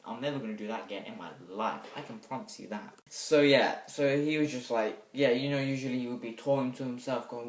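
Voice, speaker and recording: A young man reviewing a movie in a rambling, hesitant way, with sudden loud bursts of excitement. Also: medium pitch, quick pace, hardly any pauses. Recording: echoey room, mic set back.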